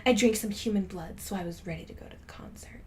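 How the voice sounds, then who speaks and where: A young woman streamer reading a story aloud in a soft, half-whispered voice, with loud outbursts of commentary. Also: mid-range voice, quick pace.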